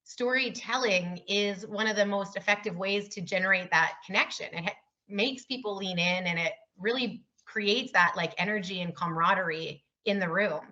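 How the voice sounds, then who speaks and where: A woman's voice: mid-range voice, moderate pace, bright, forceful tone, lo-fi sound. A woman keynote speaker talking casually and with enthusiasm in an interview. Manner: upbeat and enthusiastic.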